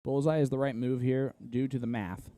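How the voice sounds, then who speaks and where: A man's voice: mid-range voice, fairly even intonation, moderate pace, mellow, no echo, studio quality. A man from Indiana with an Indiana accent giving casual, analytical play-by-play commentary on a live darts match.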